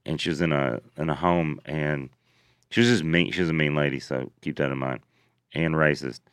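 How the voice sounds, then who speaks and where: A man co-hosting a comedy podcast, telling stories in an animated, joking way. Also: a bass voice, normal speed, smooth, no room sound, clean studio sound. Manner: animated storyteller, jokey voices for quotes. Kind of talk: casual comedic chat.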